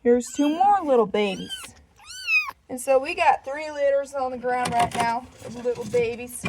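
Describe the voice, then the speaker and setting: A young woman farm vlogger chats casually at a moderate pace while walking around a farm outdoors, a little out of breath and putting on a Southern drawl. She coos at the animals in a high baby voice. Background noise runs through this walk-and-talk vlog.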